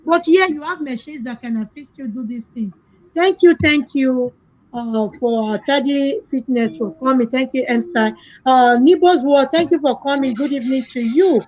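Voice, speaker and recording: A woman's voice: high-pitched, normal speed, a little mellow. A woman hosting a casual live-stream chat, thanking callers and reading out viewer comments. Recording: dull lo-fi stream audio with faint noise.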